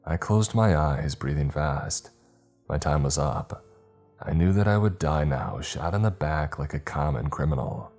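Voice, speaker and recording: Very deep-voiced male horror narrator. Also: unhurried, vocal fry, darkish tone, faint music behind.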